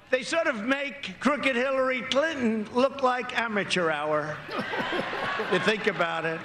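A political candidate with a very high, sharp voice delivers a campaign rally speech. He is emphatic and repetitive, wandering into rambling asides. The rally recording is echoey, with slight background noise.

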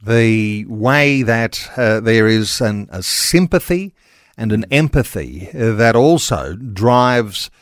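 A man hosting a Christian radio interview, speaking in a measured, reflective way. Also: fairly low pitch, lively intonation, no echo, studio quality. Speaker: radio host.

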